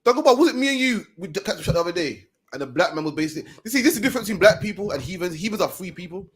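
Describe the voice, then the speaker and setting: Fast-talking husky male host. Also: sits high, expressive. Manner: fast, forceful, preachy, keeps saying "man". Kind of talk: casual commentary chat.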